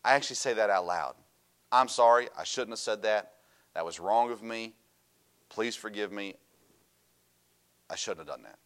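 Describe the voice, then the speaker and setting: A middle-aged man delivers a sermon in a low voice. He preaches in an animated way, telling stories with a laugh and swinging between loud emphasis and quiet asides. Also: moderate pace, pauses often, clear, resonant tone.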